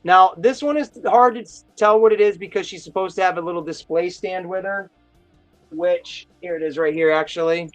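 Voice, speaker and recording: A man hosting a casual live stream, chatting in a rambling, excitable storytelling way. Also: high voice, normal speed, soft background music. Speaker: host of a toy chat live stream. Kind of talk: casual chat.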